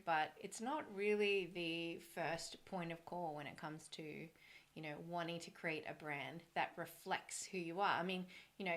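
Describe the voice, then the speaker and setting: A woman talking as a brand coach, earnest and encouraging, thinking aloud with a slightly hoarse voice. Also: on the low side, a bit bright. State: a little hoarse. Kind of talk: solo talk on branding.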